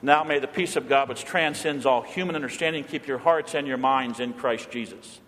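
A male pastor preaching a sermon in a church, animated, acting out quotes and rising to near shouts. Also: mid-range voice, moderate pace, a little hiss or hum. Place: church sanctuary. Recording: long hall reverb.

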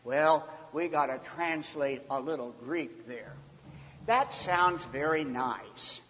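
A man preaching a sermon as a pastor, emphatic, his voice swinging between loud and hushed. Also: a little high, slow pace, in a large hall, a little hiss or hum.

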